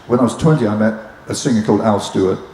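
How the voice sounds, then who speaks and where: A man's voice: fairly low pitch, fast talker, a little mellow, roomy sound, slight background noise, rough recording. A man from England, a musician, recounting his career hesitantly at a live Q&A. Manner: hesitant, with many restarts. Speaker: guest musician.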